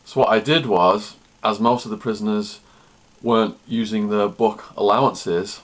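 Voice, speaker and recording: A man's voice: on the low side, steady tone, moderate pace. A man, a former prisoner and author, answering questions and telling stories to camera in a plain, matter-of-fact way. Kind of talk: storytelling to camera.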